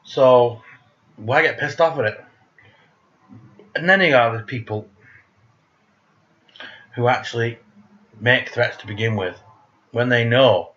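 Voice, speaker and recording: A man's voice: mid-range voice, slow pace, long pauses, fairly bright tone, lo-fi sound. A man ranting in a casual monologue, blunt, profane and sarcastic, who speaks of himself as "we". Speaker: vlogger.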